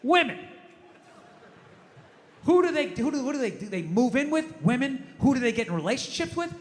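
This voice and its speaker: A male stand-up comedian ranting and swearing, swinging from low muttering to shouting. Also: sing-song, normal speed. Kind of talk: stand-up routine. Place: comedy club stage. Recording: noisy stage recording with long reverb.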